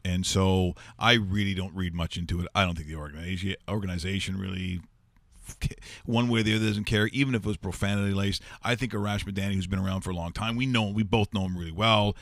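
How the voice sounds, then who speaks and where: Man, sports talk host, chatty storyteller, fairly low voice, dry studio sound. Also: fairly even intonation, fast, a bit bright, no room sound.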